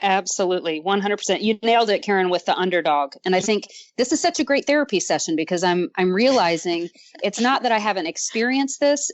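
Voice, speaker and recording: A woman's voice: mid-range voice, dry recording, highs cut off. Frank, self-mocking businesswoman. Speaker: business owner, guest. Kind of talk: casual panel talk.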